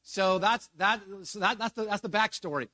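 A man's voice: sits high, moderate pace, bright, forceful tone, no echo. A man in his forties preaching a sermon as pastor, reading scripture and then retelling it in a casual, storytelling way with asides to the congregation. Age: 40s.

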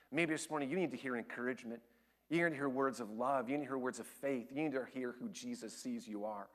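Alternating between excited, loud storytelling and soft, earnest pleas, a man in a mid-range voice preaches a sermon as pastor.

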